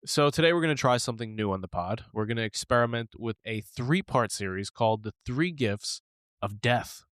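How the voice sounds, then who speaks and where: A man's voice: mid-range voice, expressive, fairly quick, fairly bright tone, clear, resonant tone, no echo. A man co-hosting a podcast, telling a personal story candidly and with animation, laughing now and then and swearing casually. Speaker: podcast co-host.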